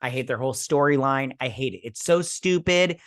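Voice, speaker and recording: A man's voice: mid-range voice, brisk, fairly bright tone, no echo, studio quality. A man hosting a casual episode review, rambling and sarcastic, acting out the characters' lines as he recaps. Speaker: host.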